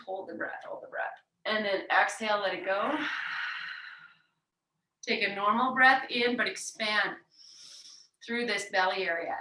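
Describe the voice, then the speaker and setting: A woman leads a yoga class with gentle, encouraging cues, stopping to demonstrate forceful breathing exercises. Her voice is bright and clear. She is recorded from some distance in an echoey room. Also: fairly high pitch. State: sweating from exertion. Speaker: yoga teacher. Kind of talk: guided yoga class instruction. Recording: roomy echo, voice heard from a distance.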